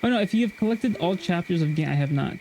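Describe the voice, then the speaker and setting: A man's voice: sits high, expressive, fast talker, creaky, darkish tone, a little hiss or hum. Chatty man reading a game guide. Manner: chatty, reads a game guide aloud with frequent restarts. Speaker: streamer. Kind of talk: casual gameplay stream chat.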